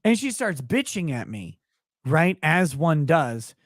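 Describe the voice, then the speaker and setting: A man's voice: fairly high pitch, takes it slowly, dry recording, studio quality. Tired, profane man telling a story. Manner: animated, profane, laughs often. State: tired, yawning while talking. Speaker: podcast guest. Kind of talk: casual storytelling conversation.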